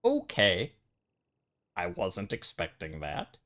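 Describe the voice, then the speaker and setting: A man streaming a video game, chatting casually and thinking out loud as he plays. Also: sits low, wildly swooping pitch, slow pace. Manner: casual, rambling, thinking aloud. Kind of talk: let's-play commentary.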